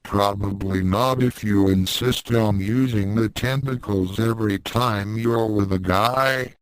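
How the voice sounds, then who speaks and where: Blunt, teasing male troll read by a man, deep and slow. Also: clear, resonant tone, no echo, natural voice, rough recording. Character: large lumbering male troll student.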